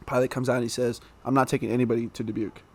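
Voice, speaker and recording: A young man telling a story as a podcast guest in a casual, animated way, laughing through the funny parts. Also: medium pitch, racing.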